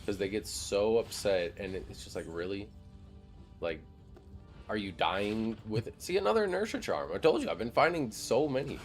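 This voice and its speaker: A man's voice: fairly low pitch, very animated, moderate pace, soft background music. A man streaming a game, chatting casually in a loose, rambling way full of "like" fillers and the odd swear word. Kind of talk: casual live-stream chat while gaming.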